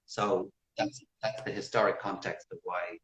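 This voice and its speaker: An Irish man with a deep, low voice speaks as an interview guest. He talks in a measured way and demonstrates pronunciations as he explains. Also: level tone, fairly bright tone, rough recording. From Ireland. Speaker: guest language expert. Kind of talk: casual interview explaining accents.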